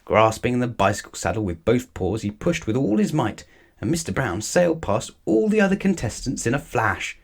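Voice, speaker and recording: A man reading a children's storybook aloud with lively, expressive narration. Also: medium pitch, moderate pace, creaky. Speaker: storybook reader.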